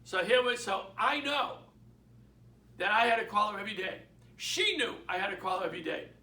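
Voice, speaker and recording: A man with a Boston accent gives an emphatic, story-driven motivational talk to realtors. His voice is very high and bright. He is recorded in an echoey room, away from the mic. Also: animated, a little fast, recorded from a distance. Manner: emphatic, storytelling, repeats key points. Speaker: real estate mentor and sales speaker.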